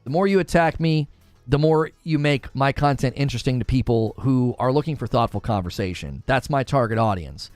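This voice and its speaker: A man's voice: medium pitch, expressive, darkish tone, no echo, faint music behind. Chatty man hosting a gaming stream. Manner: chatty, reads viewer comments aloud quickly. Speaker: gaming livestream host. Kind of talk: casual livestream chat with viewers.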